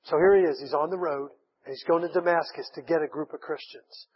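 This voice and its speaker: A man preaching a sermon, retelling a Bible story with lively acted-out voices. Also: fairly high pitch, brisk, slightly rough. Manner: animated storytelling, acts out voices of Bible figures. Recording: dull sound with long hall reverb.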